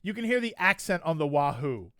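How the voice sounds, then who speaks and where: A man's voice: a little high, very animated, a little fast, a bit bright, dry recording, studio quality. A man streaming live, chatting casually and reacting to a trailer, rambling with frequent restarts. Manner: rambling, restarts, laughs often.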